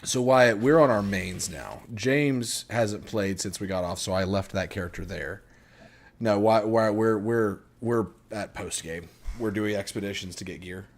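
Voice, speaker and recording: A man's voice: lowish voice, unhurried. A man hosting a casual gaming livestream, chatting in an easygoing, rambling way with lots of fillers. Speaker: streamer host.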